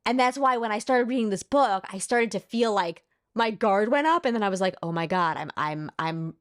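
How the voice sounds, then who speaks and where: A woman's voice: mid-range voice, animated, normal speed. Hesitant woman chatting about a book. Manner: hesitant, many stammered restarts. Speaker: podcast co-host. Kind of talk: casual book club chat.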